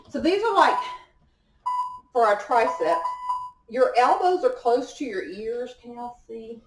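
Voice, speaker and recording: A woman's voice: fairly high pitch, a little hiss or hum. Breezy woman coaching a workout. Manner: encouraging coaching cues with small laughs. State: out of breath at times. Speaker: fitness instructor. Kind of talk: live workout class instruction. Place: indoor workout room. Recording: echoey room, voice from far off.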